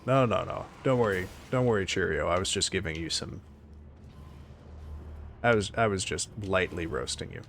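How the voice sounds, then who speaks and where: A man's voice: sits low, normal speed, creaky, long pauses, fairly bright tone, a little hiss or hum. A Canadian man chatting casually with his stream chat while playing a game, wry and prone to joking swears. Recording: game music playing behind.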